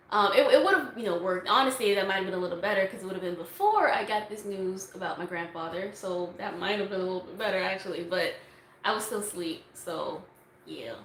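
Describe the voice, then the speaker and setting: A woman's voice: mid-range voice, a little fast, fairly bright tone. Young woman, chatty livestream Q&A, rambling with fillers, phone mic, echoey room, faint hiss. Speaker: YouTube streamer answering viewer questions. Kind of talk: casual livestream Q&A. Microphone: phone on a tripod.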